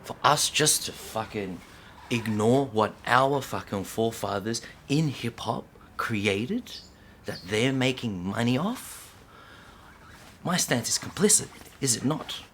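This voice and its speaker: A man delivers an impassioned rant straight to camera, packed with swearing. He swings between loud, heated outbursts and low, hissed whispers, and his voice sits at an average male pitch. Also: expressive, slow. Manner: heavy swearing, repeats lines for emphasis. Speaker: breakdancer.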